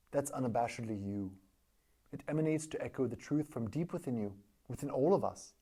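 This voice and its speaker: A man with a mellow, warm voice delivers a comedic spiritual talk. He speaks in a mock-solemn, earnest tone, leaning into drawn-out pauses as if sharing deep wisdom. His pitch sits at an ordinary middle range.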